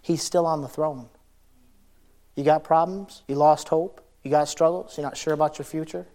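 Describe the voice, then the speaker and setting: A middle-aged male pastor preaching in a conversational way, his voice a bit higher than most men's. He swings from loud, punchy emphasis down to hushed, intense lines and laughs easily along the way. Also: fairly even intonation, moderate pace. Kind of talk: sermon.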